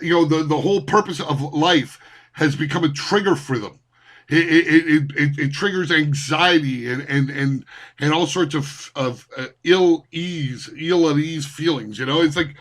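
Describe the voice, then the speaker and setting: Angry vlogger, male, higher register, swears constantly, stumbles over restarts mid-rant. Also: fairly bright tone. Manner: heated, swearing, repeats words and restarts. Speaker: vlogger ranting.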